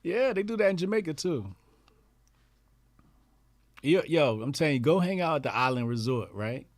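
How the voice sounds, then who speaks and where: A man co-hosting a casual podcast chat, laid-back with drawn-out emphatic remarks. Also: fairly high pitch, sing-song, no echo, studio quality. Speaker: podcast co-host.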